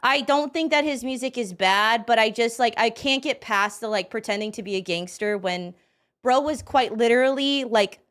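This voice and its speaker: A woman's voice: a little high, normal speed. A woman streamer giving casual, profane reaction commentary, rambling with lots of fillers and restarts. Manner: animated, laughing bursts.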